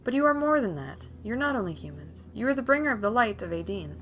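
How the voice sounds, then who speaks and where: A woman voicing an ancient, weary tree spirit in a video game, speaking slowly and solemnly. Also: mid-range voice, sing-song, a little hiss or hum. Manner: slow, hushed, solemn.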